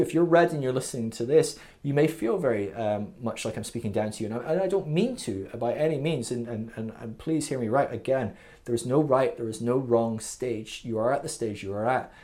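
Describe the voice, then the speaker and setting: A man's voice: mid-range voice, a little mellow. Earnest man teaching with many "okay?" checks. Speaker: podcast host teaching a spiritual growth model. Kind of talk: casual teaching monologue.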